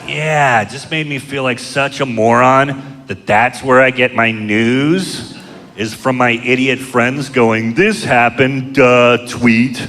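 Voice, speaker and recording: Middle-aged male stand-up, crude and deadpan, bright edgy tone, live club with a long hall echo and a faint crowd. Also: mid-range voice, slow pace. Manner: deadpan, crude, self-mocking storytelling. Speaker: stand-up comedian. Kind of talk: stand-up comedy set. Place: comedy club stage. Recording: live club show, long hall reverb, audience noise. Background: audience laughter.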